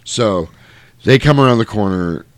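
A man's voice: on the low side, measured pace, no room sound. A man casually recapping a film plot for his co-host, acting out the lines. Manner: animated retelling, acting out lines. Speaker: podcast co-host. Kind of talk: casual movie recap chat.

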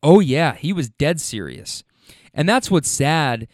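Animated, frank man with a dry sound. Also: fairly high pitch, takes it slowly, no room sound. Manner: animated, frank, swears freely. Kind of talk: casual monologue retelling a conversation.

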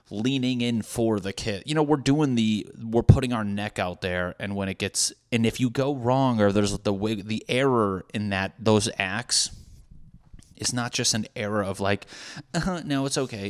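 Thirties male podcast host, slightly low voice, casual and profane, self-deprecating rambler. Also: smooth. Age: 30s.

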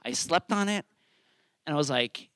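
A middle-aged man tells a story on stage, his voice swinging up and down as he acts out what he was thinking. He sits a little high for a man. The sound is close and dry. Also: normal speed, no echo. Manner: animated, acts out his own quoted thoughts. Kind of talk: live storytelling. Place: theater stage.

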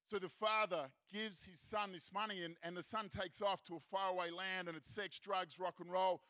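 Young Australian man, animated storytelling preacher, bright tone, dry close sound. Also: sits high, dry recording. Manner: animated, acts out characters' lines. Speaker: seminar speaker. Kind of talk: storytelling sermon.

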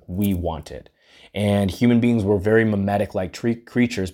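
Mellow-voiced man musing earnestly. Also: low-pitched. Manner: earnest, musing, often tags lines with "right?". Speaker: podcast host. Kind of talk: reflective solo monologue.

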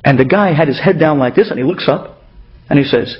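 A man's voice: high-pitched, fast. A man giving a storytelling sermon, acting out the dialogue of the people in his stories. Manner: animated, acts out dialogue in stories. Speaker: speaker giving a Torah talk. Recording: dull lo-fi radio recording.

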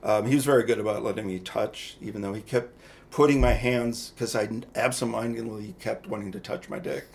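A man's voice: fairly low pitch, steady tone, fairly quick, gravelly. A man co-hosting a podcast, telling personal stories to his friends in a frank, chatty way. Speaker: podcast co-host. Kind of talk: candid personal storytelling.

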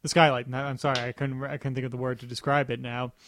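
A man's voice: mid-range voice, little pitch movement, fast, fairly bright tone, dry recording, studio quality. A man co-hosting a podcast, chatting casually about a show, rambling and often restarting his sentences. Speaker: podcast co-host. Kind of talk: casual chat.

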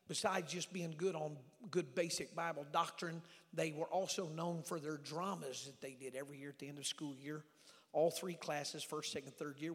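A man's voice: a little high, fairly bright tone. Emphatic preacher man in echoing church. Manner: emphatic, acts out scripture voices, calls congregation responses. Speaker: evangelist preacher. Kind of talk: sermon. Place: church sanctuary. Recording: long echoing church hall.

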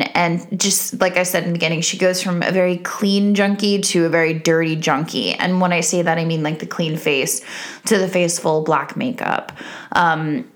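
A woman casually breaking down a movie's characters, rambling with fillers and restarts. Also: lowish voice. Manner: rambling, many fillers and restarts, checks her notes. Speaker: film reviewer.

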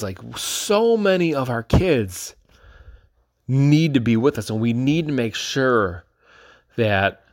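A man's voice: medium pitch, no echo. Chatty man with a dry, close sound. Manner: chatty, lots of "like" and restarts. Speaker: father and educator reflecting on school. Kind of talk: casual spoken reflection.

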